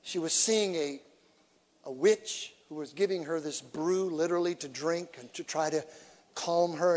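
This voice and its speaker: A man preaching as an evangelist, telling stories with humor and swinging from quiet to shouting. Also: fairly high pitch. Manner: animated storytelling with humor, shifts from quiet to shouting. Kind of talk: sermon. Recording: echoey hall reverb.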